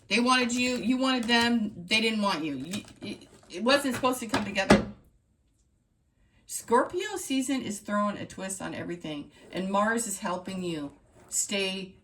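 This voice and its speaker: A woman's voice: medium pitch, fairly bright tone, slight background noise. A woman running a tarot reading channel, talking straight to her viewers in an emphatic, repetitive pep-talk style. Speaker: tarot reader.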